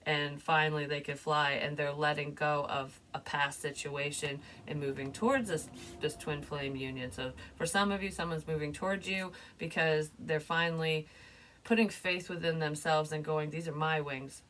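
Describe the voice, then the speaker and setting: A woman's voice: sits low, steady tone, normal speed, a bit bright, soft background music. A woman giving a casual spoken psychic reading, chatty and loose, laughing often and swearing now and then. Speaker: psychic reader.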